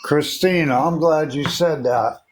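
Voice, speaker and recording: A man hosting a casual live stream, easygoing and quick to laugh, chatting about dinner and his dog. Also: a little high. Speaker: livestream host.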